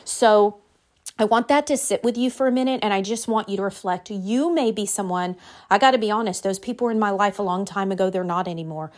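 A woman's voice: medium pitch, a little fast, a little mellow. Woman life coach, motivational to-camera talk, emphatic and direct, mid-range voice, numbered takeaways. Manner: repeats phrases for emphasis.

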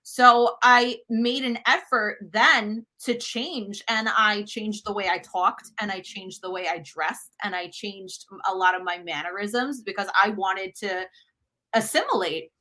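Bright, lively woman chatting as a guest. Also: mid-range voice, a little slow. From United States. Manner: animated and self-deprecating. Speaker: guest, cooking show host. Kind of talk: casual interview chat.

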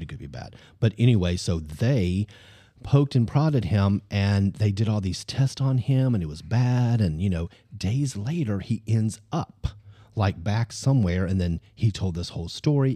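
A man's voice: low voice, warm tone, dry recording. A man in his fifties from Mississippi, chatting casually as podcast host, rambling with many fillers. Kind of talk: casual chat.

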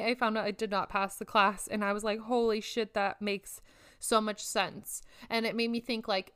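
A woman's voice: fairly high pitch, pushed and bright. A young woman in her twenties talking to her viewers in a casual, reflective way, with lots of "like" fillers. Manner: chatty, reflective, frequent "like" fillers. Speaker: vlogger. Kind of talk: casual personal talk to camera.

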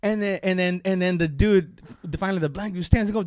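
A man telling a story in casual chat, animated and profane, acting out the people in it. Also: high voice, fast talker, hardly any pauses, clean tone, no echo, studio quality.

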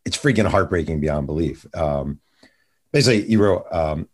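Deep-voiced man firing eager questions. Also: animated, slightly rough. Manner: eager, stacks rapid follow-up questions. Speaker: podcast host, interviewer. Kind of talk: conversational interview.

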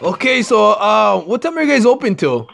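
A man's voice: high-pitched, very animated, moderate pace, gravelly, fairly bright tone, exaggerated voice. A man voicing a slangy, street-talking boyfriend character during a comedy prank call, drawling through fillers. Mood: swaggering. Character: tough street-talking adult male boyfriend on the phone. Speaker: prank caller.

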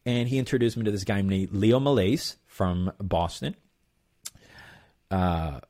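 A man's voice: lowish voice, measured pace, mellow. A male percussionist, a guest in an interview, telling his story in a casual, rambling way with plenty of fillers. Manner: rambling, loose, lots of fillers and "blah blah".

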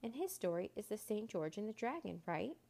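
A woman's voice: mid-range voice, very animated, brisk, gravelly, dark tone. A woman voicing Jack, a cheerful but bossy young man in a storybook, firm with the wolf and friendly to the boy. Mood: cheery. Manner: stern then cheery, bossy.

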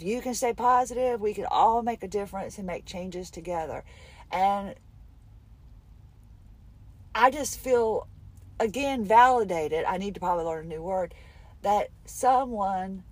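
A middle-aged woman talks candidly into her recorder while on the road between appointments. Her talk is rambling and emotional, with a voice pitched in the middle range. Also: a little mellow, no echo. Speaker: podcast host. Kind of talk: casual spoken diary.

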